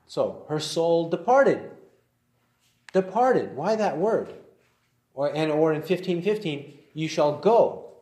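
A man teaching verse by verse through a Bible passage, reading verses slowly and deliberately. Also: a little high, darkish tone. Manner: deliberate, slows to read verses aloud. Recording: roomy echoey recording.

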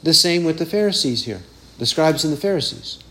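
A man's voice: on the high side, expressive, brisk, sharp tone. A man preaching a sermon with emphasis, repeating phrases and mimicking taunting voices.

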